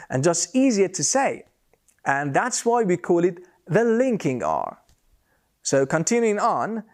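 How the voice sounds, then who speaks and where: A man's voice: sits high, darkish tone. A man teaching British English pronunciation, speaking carefully and repeating example words to demonstrate sounds. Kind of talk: scripted lesson to camera.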